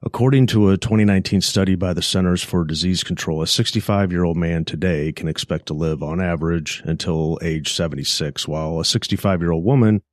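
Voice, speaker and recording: A man with a deep, low voice delivers a scripted podcast monologue in a measured, plainspoken way. The sound is dry and close, with no room around it. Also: a little mellow, dry recording. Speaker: podcast host, financial advisor.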